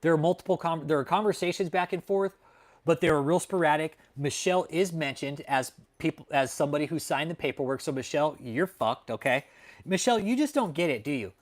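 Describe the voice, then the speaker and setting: A man's voice: a little high, brisk. Swearing, fired-up male livestream host. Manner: angry, profane, swearing constantly. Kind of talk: profane ranting commentary. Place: home, dog nearby.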